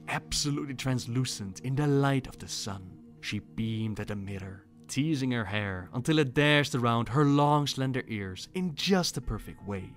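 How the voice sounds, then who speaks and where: A male voice actor reading a fantasy story aloud in a measured, dramatic style. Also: on the low side. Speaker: narrator, voice actor. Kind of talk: scripted story narration.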